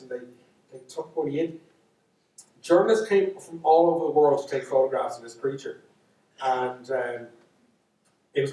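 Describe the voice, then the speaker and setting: An Irish storyteller with a Dublin accent and a warm, medium-pitched voice entertains a live audience in a lecture hall. He's chatty and self-mocking, with plenty of asides. The echoey hall makes him sound far from the mic.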